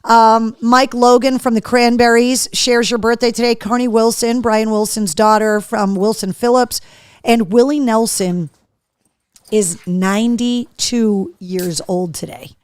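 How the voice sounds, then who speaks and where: A woman's voice: fairly high pitch, steady tone, a little slow, darkish tone, smooth, no echo, clean studio sound. Chatty woman host on a live show. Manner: chatty, reads viewer comments aloud. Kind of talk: casual live-show chat.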